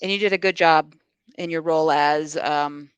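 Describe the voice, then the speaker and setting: A woman co-hosts a podcast in casual conversation, with a smooth, clear voice. She answers calmly and briefly, mostly agreeing. The recording is close and dry. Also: low voice, normal speed, no echo. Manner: calm, brief, agreeable replies. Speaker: podcast co-host. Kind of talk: casual chat.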